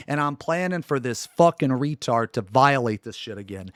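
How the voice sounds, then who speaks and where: A male streamer rants live from his home setup, furious and profane, circling back to the same vows again and again. His voice sits at an ordinary middle pitch. The sound is close and dry, with no room echo. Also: animated, normal speed, few pauses, clean tone. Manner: angry, profane, emphatic repetition. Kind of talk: livestream rant.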